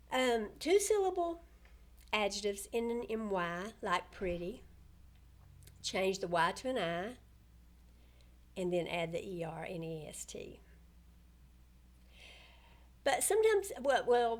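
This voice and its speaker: Older woman, rural Southern accent, unhurried, casual grammar lesson, patient. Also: medium pitch. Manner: slow, homey and patient, with little laughs and self-corrections. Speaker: grammar teacher.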